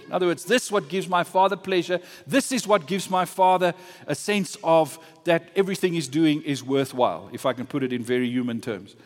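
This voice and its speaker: A man preaching a sermon as a pastor, earnest and emphatic, slowing down to stress key phrases. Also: on the high side. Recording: long hall reverb.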